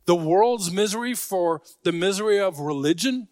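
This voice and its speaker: High-voiced man preaching a sermon. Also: lively intonation, normal speed, darkish tone, no room sound, clean studio sound. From Scarborough. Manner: conversational, joking asides to the congregation. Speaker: pastor.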